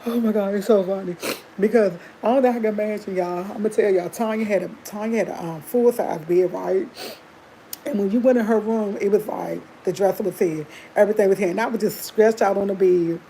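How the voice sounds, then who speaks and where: A woman's voice: mid-range voice, steady tone, fairly quick, dark tone, a little hiss or hum, rough recording. A woman hosting a livestream, chatting candidly to her viewers and laughing often as she tells a personal story. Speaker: livestream host.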